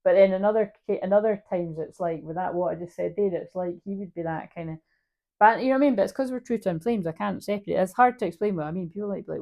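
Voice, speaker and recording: A woman's voice: on the low side, gravelly, warm tone. A woman giving a casual spiritual card reading, rambling, swearing freely and laughing at herself. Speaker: spiritual reader.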